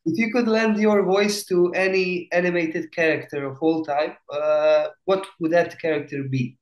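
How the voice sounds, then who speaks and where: A man's voice: on the high side, fairly even intonation, lo-fi sound. Hesitant man interviewer, echoey room. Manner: hesitant, halting questions with many "uh"s. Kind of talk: interview questions.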